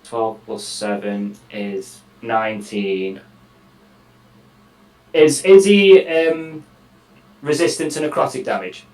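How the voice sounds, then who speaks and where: A man playing in a tabletop game adds up his dice out loud at an unhurried pace. He is deliberate and swears now and then. His voice echoes in the room. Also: mid-range voice. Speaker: player.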